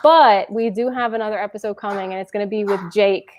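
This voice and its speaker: A woman's voice: medium pitch, fairly even intonation, brisk. A woman appearing as a podcast guest who talks in a playful, upbeat way and laughs easily. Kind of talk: casual podcast chat.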